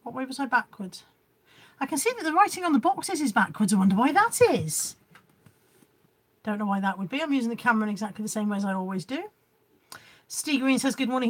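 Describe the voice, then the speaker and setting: Bright-voiced chatty woman live-streaming. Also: a little high. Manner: chatty and scattered, reads out comments. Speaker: live-stream reseller host. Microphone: phone camera.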